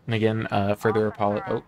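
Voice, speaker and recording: A young man casually commenting on a game he plays, reading its text aloud in a low-key way. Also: lo-fi sound. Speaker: gaming YouTuber. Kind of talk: let's play commentary.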